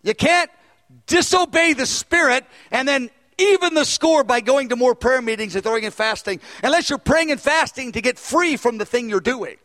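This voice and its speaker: A man preaching a sermon and teaching a Bible study, animated, and acting out dialogue when he tells stories. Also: very high-pitched, normal speed. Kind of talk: sermon with storytelling.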